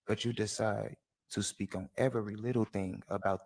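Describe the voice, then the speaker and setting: A man with a lowish voice confronting someone on a show. He sounds aggrieved and trips over repeated restarts as he presses his point. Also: fairly even intonation, moderate pace, darkish tone. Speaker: reality show guest.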